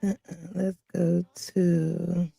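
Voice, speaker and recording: A woman's voice: fairly low pitch, level tone, extremely slow, gravelly, warm tone, slightly rough, dry recording. Woman host talking to her live viewers, flustered and laughing, dry close sound, faint music behind. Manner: chatty, flustered, laughs often. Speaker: livestream host. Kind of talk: casual chat to a live audience.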